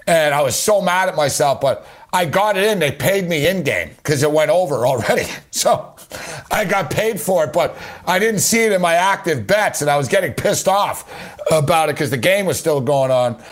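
A man's voice: a little high, brisk. A man hosting a sports betting show, talking casually and rambling with lots of repeated words and fillers. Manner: rambling, repeats words, says "you know" a lot.

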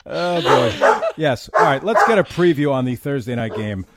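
A man's voice: mid-range voice, animated, normal speed, very noisy. A middle-aged man hosting a sports show from his home office, laughing and talking to his dog. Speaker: sports radio host. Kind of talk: casual chat. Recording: home mic with a barking dog behind.

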